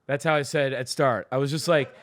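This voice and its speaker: A man's voice: mid-range voice, brisk, no room sound. A man co-hosting a comedy podcast, telling a story in casual chat and acting out what he said. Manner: animated, acts out his own quoted lines. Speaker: podcast co-host.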